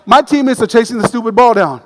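A man delivers a sermon with a high, bright-sounding voice and a storyteller's lively humor. His words ring out with the long reverb of a large hall. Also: quick pace. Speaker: preacher.

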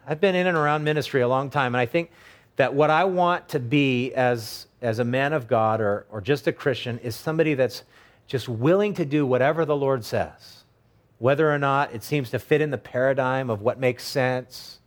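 A man's voice: mid-range voice, normal speed. Conversational middle-aged male preacher. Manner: conversational preaching, acts out quoted voices. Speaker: pastor. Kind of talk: sermon.

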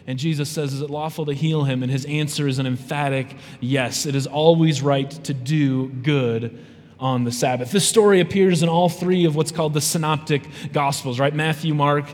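Lively pastor with a ringing hall sound. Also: male voice, fairly high pitch, moderate pace. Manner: lively, conversational, often asks "right?" to the audience. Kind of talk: sermon. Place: church sanctuary. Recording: long reverb from a large hall.

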